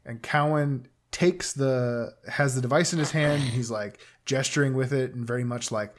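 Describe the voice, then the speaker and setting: Chatty man recapping a TV episode. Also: mid-range voice. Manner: chatty, acts out characters' lines in quick impressions. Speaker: podcast co-host.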